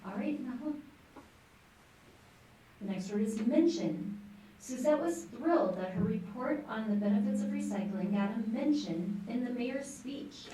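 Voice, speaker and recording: A woman pronouncing words and reading example sentences at a school spelling bee, in a clear, encouraging, teacherly way. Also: on the high side, animated, measured pace, warm tone. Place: large school room. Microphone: distant microphone. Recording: echoey room from far off, faint noise.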